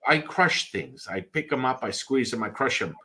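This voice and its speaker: A man's voice: mid-range voice, lively intonation, a little fast, pushed and bright, rough recording. A man, a Taoist priest hosting a podcast, chatting casually and telling rambling stories with acted-out quotes. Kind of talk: casual storytelling chat.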